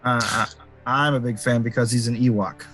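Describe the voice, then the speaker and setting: A man joking around during a casual tabletop game session, quick to laugh. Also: medium pitch, steady tone, a bit bright, faint music behind. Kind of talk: casual chat between game turns.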